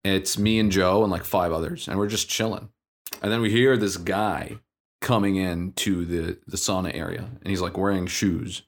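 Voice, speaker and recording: A man co-hosting a podcast, telling a story in a casual, animated way. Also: low-pitched, normal speed. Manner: animated storyteller, acts out dialogue. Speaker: podcast co-host.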